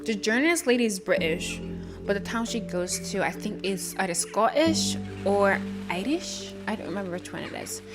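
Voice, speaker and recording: A woman's voice: medium pitch, animated, moderate pace. A tired woman streamer chatting casually on a live stream, rambling with lots of fillers. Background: background music.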